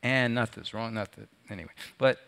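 A pastor delivers a sermon to his congregation, his voice bright and ringing. He keeps turning to his listeners with rhetorical questions, and his pitch sits in the middle range for a man. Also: a little fast, gravelly, clear, resonant tone. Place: before a live congregation.

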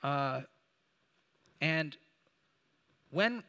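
High bright-voiced man teaching scripture. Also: lively intonation, very slow, clean tone. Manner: conversational, asks rhetorical questions, restarts while looking up verses. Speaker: Bible teacher. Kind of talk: Bible study teaching. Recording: long hall reverb.

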